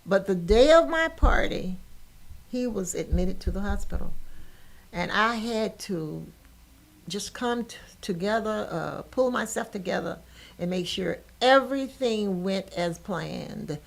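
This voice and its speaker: A woman's voice: medium pitch, animated, unhurried, creaky. Older woman telling an emotional story. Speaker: podcast host. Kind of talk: personal storytelling in conversation.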